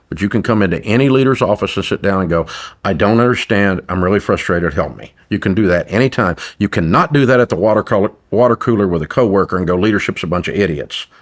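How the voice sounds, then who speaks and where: An older man, a business owner guesting on a podcast, talking bluntly and emphatically and repeating his points like a sermon. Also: on the low side. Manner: blunt, emphatic, preachy and repetitive. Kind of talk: podcast interview.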